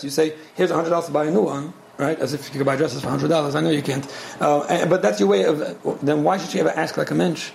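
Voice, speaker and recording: An earnest man answers listener questions about relationships, speaking fast and often repeating a phrase to drive it home. His voice sits a little high and has a gravelly edge. The recording has a roomy echo and a faint hum of ambience behind it. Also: darkish tone. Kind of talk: relationship advice talk.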